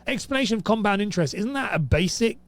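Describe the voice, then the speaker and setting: A man's voice: high-pitched, animated, quick pace. A young man hosting a casual commentary, reading rules aloud and reacting with exasperated sarcasm. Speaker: host.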